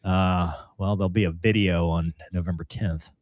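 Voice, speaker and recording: A man co-hosting a casual live talk show, reading viewer comments and reflecting in a halting way with frequent restarts. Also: sits low, steady tone, darkish tone, dry recording. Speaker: co-host reading viewer chat.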